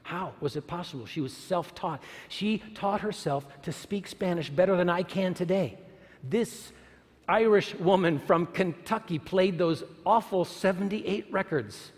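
Speaking at a church or university gathering, a man with a high, ringing voice delivers a sermon-like talk a little slowly. He poses rhetorical questions to the listeners and repeats lines for emphasis, while a long reverb trails his voice through the large hall.

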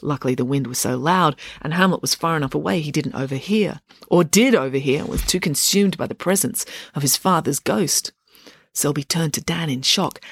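An author giving an expressive reading of their own book in a home office, then signing off casually. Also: medium pitch, moderate pace, no echo, studio quality. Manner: expressive reading, chatty sign-off. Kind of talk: audiobook-style reading. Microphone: home setup.

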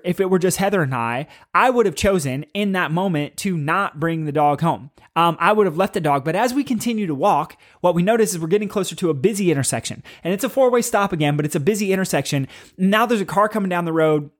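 A man in his thirties hosting a podcast, telling a personal story in a candid, self-critical, rambling way. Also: on the high side. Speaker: podcast host, father. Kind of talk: casual storytelling monologue.

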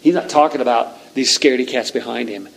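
Animated male preacher telling a story. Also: mid-range voice, a little fast, creaky, a little hiss or hum, poor audio. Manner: animated storytelling, frequent restarts. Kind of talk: sermon.

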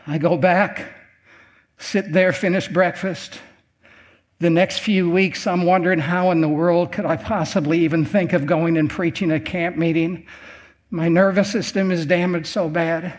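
A man's voice: high-pitched, fairly even intonation, measured pace. An older man preaching a testimony sermon in a folksy storytelling way, acting out the voices of the people in his story. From American Midwest.

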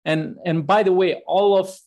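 A man's voice: high voice, steady tone, moderate pace, a little mellow. A man in his thirties hosting a podcast, talking in a casual, rambling way with frequent restarts. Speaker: podcast host.

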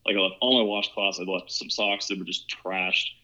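A man's voice: sits low, fairly even intonation, normal speed, pushed and bright. A young man from Ohio, telling a story as a podcast guest in a rambling, casual way, full of "like" and "you know". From Ohio, USA. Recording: muffled lo-fi recording.

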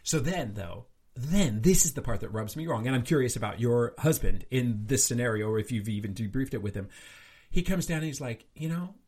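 A man co-hosting a podcast in casual chat, eager and laughing, quick to jump in. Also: medium pitch, lively intonation, a little mellow, breathy edge. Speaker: podcast co-host.

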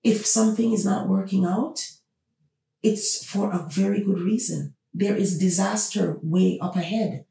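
A woman's voice: medium pitch, unhurried, creaky, warm tone. A woman hosting a podcast, talking through her opinions with emphatic, repeated rhetorical questions. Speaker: podcast host. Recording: roomy, distant from the mic.

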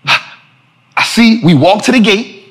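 A man's voice: high voice, animated, slow pace, a bit bright. A man hosting a show, telling a story in an emphatic, slangy way and acting out the dialogue himself. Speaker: host. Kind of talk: animated storytelling.

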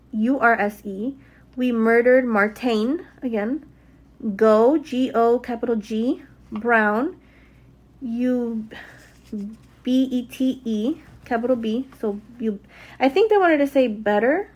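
A young woman with a somewhat high voice, casually retelling a true crime case from home. She talks in a chatty, loose way, swears freely and spells words out letter by letter. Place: home with dogs nearby.

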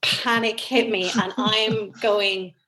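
Taking it slowly, a woman from Ireland, guest in an interview, recounts a personal story in an earnest, emotional, animated way. Her voice is mid-range, heard on a rough recording.

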